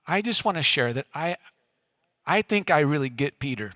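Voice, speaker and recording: A man's voice: a little high, animated, moderate pace, fairly bright tone, no room sound, clean studio sound. A male pastor giving a casual sermon to a room of listeners, conversational and often tossing questions to his audience.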